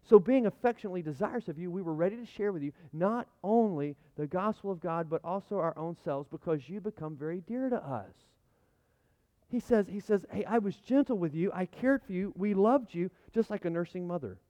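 A man in his thirties preaching a sermon in a conversational, animated way, often repeating his words. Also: high-pitched, brisk. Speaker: pastor. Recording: muffled lo-fi sound.

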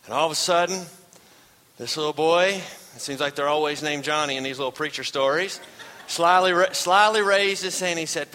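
A male pastor with a high, bright voice, telling stories and calling out to his congregation. He preaches in a folksy way. The sound rings through a reverberant church hall. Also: fairly quick. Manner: folksy storyteller, calls out to the congregation. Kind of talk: sermon.

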